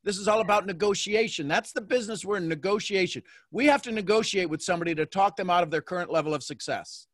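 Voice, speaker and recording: A man hosting a coaching call, talking in a playful, animated way and acting out little quotes. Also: sits high, quick pace, hardly any pauses, no echo, studio quality. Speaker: host and mentor.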